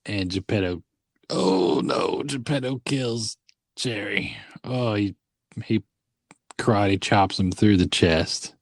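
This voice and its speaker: Casual male co-host, low and unhurried, dry close sound, recaps plots by playing the lines himself. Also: expressive, vocal fry, no room sound. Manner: laughs often, acts out characters' lines. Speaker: podcast co-host. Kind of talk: casual chat recapping a story. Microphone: phone.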